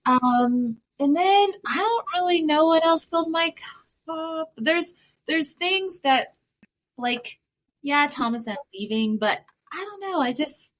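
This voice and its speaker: A woman with a high voice muses on a podcast and searches for words as she goes. She pauses and restarts often. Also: expressive. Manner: hesitant, many fillers and restarts. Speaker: podcast co-host. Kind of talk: casual chat.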